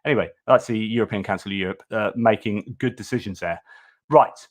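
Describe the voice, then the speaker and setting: A man's voice: lowish voice, fairly quick. A man hosting a news livestream, giving casual commentary in a chatty, informal way with many fillers and restarts.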